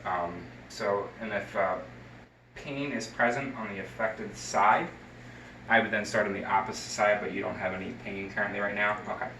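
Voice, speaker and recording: A man's voice: lowish voice, steady tone, moderate pace, vocal fry, bright, forceful tone, slight background noise. A man demonstrating a head-to-toe health assessment, talking through each step with many fillers and restarts. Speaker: nursing student. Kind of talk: narrated clinical skills demonstration. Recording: roomy sound from a distant mic.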